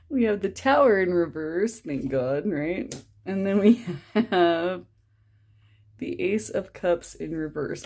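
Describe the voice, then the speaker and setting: Low-voiced woman, husky and gravelly, chatty tarot reader, relaxed and rambling. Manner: chatty, rambling, drops to a whisper at times. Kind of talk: casual tarot reading to camera.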